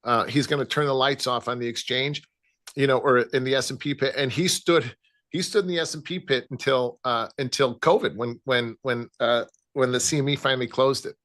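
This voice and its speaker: A man's voice: medium pitch, fairly even intonation, a bit bright. Chicago-accented man calling out price levels. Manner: halting, many restarts, reeling off price levels. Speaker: futures trading guest analyst. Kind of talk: casual market talk.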